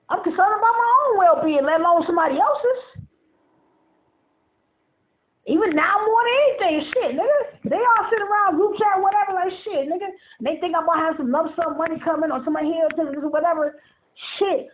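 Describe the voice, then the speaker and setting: A man's voice: very high-pitched, a little hiss or hum. A man ranting in a casual monologue, profane and rambling, often repeating himself and laughing between points. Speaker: vlogger. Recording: tinny phone-like audio.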